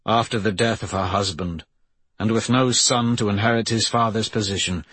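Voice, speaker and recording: A man narrating an audiobook in a measured, even reading voice, slightly husky. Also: fairly low pitch, no room sound. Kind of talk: scripted narration.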